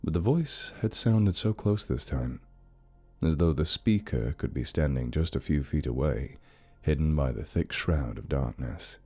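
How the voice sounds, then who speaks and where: A man with an extremely deep voice narrates a horror story in a slow, brooding, measured way. His tone is dark and mellow, and the delivery is steady, scripted storytelling. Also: slightly rough, faint music behind.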